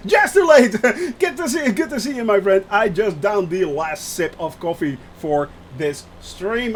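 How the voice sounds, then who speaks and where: A man's voice: high-pitched, unhurried, a little hiss or hum. A man, chatting live with viewers while streaming a flight sim, joking and laughing often as he reads the chat aloud.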